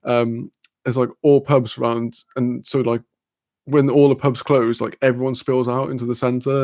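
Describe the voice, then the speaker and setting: A man's voice: mid-range voice, a little mellow, no room sound, clean studio sound. A young man telling rambling stories and answering chat on a casual live stream, swearing freely between lots of fillers. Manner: reads out and answers chat comments.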